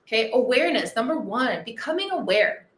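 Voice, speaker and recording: A woman's voice: on the high side, big pitch swings, brisk, a bit bright, roomy sound. A woman weight-loss coach hosting a motivational podcast monologue, enthusiastic and earnest, repeating her key phrases.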